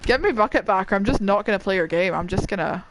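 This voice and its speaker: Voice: mid-range voice, fast talker, background noise. A gamer giving let's play commentary, swearing and crying out in dismay at what happens on screen. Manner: excitable, swears, cries out in dismay.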